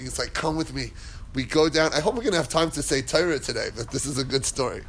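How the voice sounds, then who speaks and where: A man's voice: a little high, expressive, quick pace, fairly bright tone. A man teaching a casual Torah class, chatty and digressive, who drifts into stories and laughs as he tells them.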